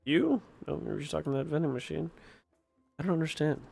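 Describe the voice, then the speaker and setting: A man's voice: fairly high pitch, fast, gravelly, darkish tone, breathy edge, faint music behind. A man giving casual gameplay commentary, exasperated and swearing, asking the same questions again and again. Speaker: gaming streamer.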